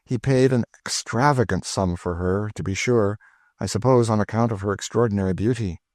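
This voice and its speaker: Man playing earnest young gentleman, frank, slightly raised, dry. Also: lowish voice, a little fast, dry recording, lightly acted.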